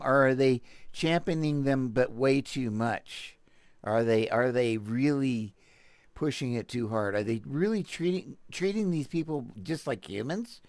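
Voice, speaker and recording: A man's voice: medium pitch, a little mellow, dry recording. Sarcastic Texan man reading the news. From Texas, US. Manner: sarcastic, self-interrupting, stumbles while reading aloud. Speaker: podcast host. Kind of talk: casual commentary reading a news article.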